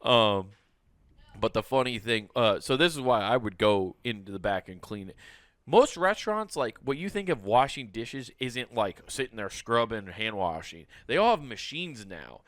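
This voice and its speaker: A man co-hosting a comedy podcast, joking loosely, laughing a lot and swearing, often slipping into quick silly voices. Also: lowish voice, sing-song, fairly bright tone, no room sound, studio quality. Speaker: podcast co-host. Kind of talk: casual comedic chat.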